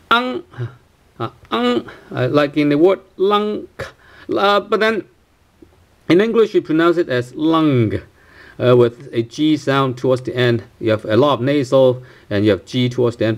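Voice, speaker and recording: A man's voice: on the high side, gravelly. A man teaching a pronunciation lesson, hesitant and full of fillers, asking "right?" often and repeating sounds for practice. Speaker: language teacher.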